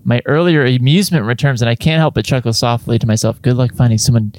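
A man's voice: medium pitch, fairly quick, a little mellow, no echo. A man co-hosting a comedy show, dramatically reading out chatbot lines and often breaking into laughter. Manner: reads chatbot text aloud, breaking into laughter. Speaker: podcast co-host reading chatbot replies.

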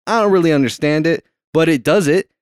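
A man's voice: a little high, fairly quick, smooth, no room sound, studio quality. A young man hosting a casual movie commentary track, laid-back and profane, laughing often.

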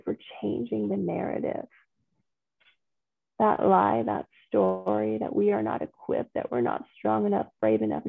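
A woman coach speaks to a group over a video call, affirming and encouraging them and calling them by pet names. Her voice has a gravelly, husky texture. The sound is thin and phone-like, with a dry, close feel. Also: mid-range voice, no echo. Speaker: transformational coach.

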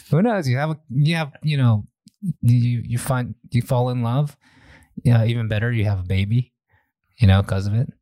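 A man's voice: mid-range voice, measured pace, pauses often, warm tone, no room sound, clean studio sound. A man co-hosting a podcast, chatting casually and laughing often as he teases his friend. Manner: laughs often, easygoing and teasing. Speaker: podcast co-host. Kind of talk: casual chat.

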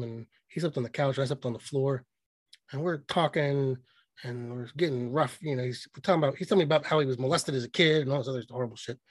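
A man's voice: mid-range voice, breathy edge, dry recording. A man co-hosting a podcast, telling a rambling, profane story in casual chat. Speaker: podcast co-host.

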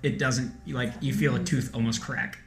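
A man narrating as game master in a tabletop role-playing game, animated and quick to laugh. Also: medium pitch, reverberant.

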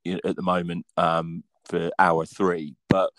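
A man's voice: sits low, level tone, unhurried, a bit bright, dry recording. A man hosting a podcast, asking casual interview questions in a laid-back, slightly hesitant way. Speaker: podcast host.

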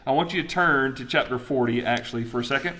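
A man teaching a Bible study class in a lively, chatty way, asking the group questions. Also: mid-range voice, quick pace.

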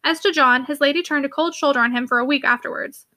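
A woman narrates a classic novel for an audiobook in a fluent, steady storytelling manner. Her voice is high and bright, and she reads at a quick pace.

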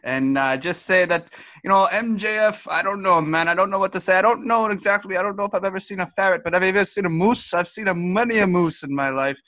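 Comedy podcast bit: a man doing a rambling, goofy news correspondent, bright and a bit high. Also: quick pace, no echo. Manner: rambling, repeats "as they say", laughs at own jokes. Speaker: comic correspondent. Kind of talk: comedic improvised character bit.

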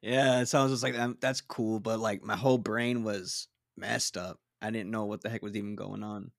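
A man's voice: on the low side, fairly even intonation, moderate pace, creaky, dry recording, studio quality. Laid-back slangy guy. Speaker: podcast co-host. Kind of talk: casual podcast chat.

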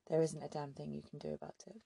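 A woman's voice: sits low, mellow, slightly rough, no room sound, exaggerated voice. A woman reading an audiobook, voicing a blunt, intense grown man who holds a young woman captive. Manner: blunt, curt.

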